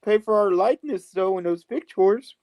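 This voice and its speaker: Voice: medium pitch, normal speed, a little mellow, lightly acted. A crude, joking male alien visitor, put on by a panelist, rambling and hesitant with fillers everywhere. He moans about being copied and swears he only came for fun. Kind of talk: comic panel role-play.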